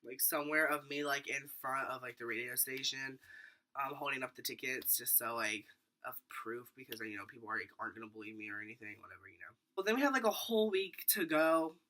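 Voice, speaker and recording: Fast-talking and mid-range in pitch, this teen vlogger rambles through a storytime video, filling it with fillers and animatedly acting out quotes.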